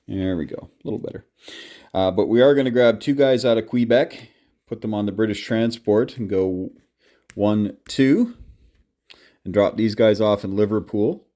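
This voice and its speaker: A man talks his way through a turn of a board game in an easy, casual play-by-play. His voice sits a little low and sounds mellow and relaxed. He chats to the camera and counts each move aloud as he makes it. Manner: chatty, counts moves aloud.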